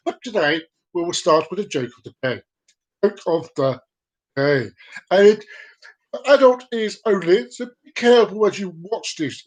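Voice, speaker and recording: A man's voice: sits high, animated, normal speed, rough recording. A man hosting a casual live comedy show, chatty and playful, giggling at his own jokes. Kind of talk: casual joke-telling.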